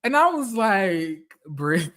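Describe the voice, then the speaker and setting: A woman's voice: mid-range voice, very animated, slow pace, a bit bright. A woman giving casual, profane reality TV commentary, blunt and repeating phrases for emphasis.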